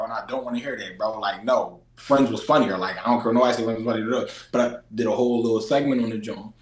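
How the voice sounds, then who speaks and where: A man from Philadelphia with a Philadelphia accent, an interview guest in casual chat, animated and slangy, repeating phrases for emphasis. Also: on the low side, quick pace, hardly any pauses, reverberant, low-quality recording. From Philadelphia, USA.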